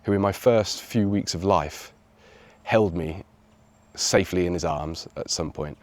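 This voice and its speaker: A vlogger from England shares a personal story on his channel in a slightly low voice. He speaks reflectively at a measured pace, growing lively whenever he quotes someone.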